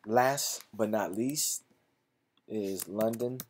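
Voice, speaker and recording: Male investing host, lower voice, casual stock-analysis read with clipped figures and relaxed asides. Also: very slow, a little hiss or hum. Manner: reads figures aloud in clipped phrases, then chats loosely.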